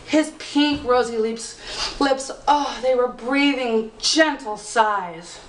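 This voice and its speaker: Expressive woman telling a folk tale. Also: fairly high pitch. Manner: expressive, dramatic pacing with slowed emphasis. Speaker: storyteller. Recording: roomy, distant mic.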